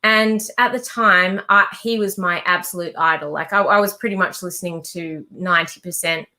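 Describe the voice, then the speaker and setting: A woman's voice: on the low side, normal speed, sharp tone. A woman, a musician guest, telling stories in a casual chat and swearing casually. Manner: chatty storyteller, swears casually.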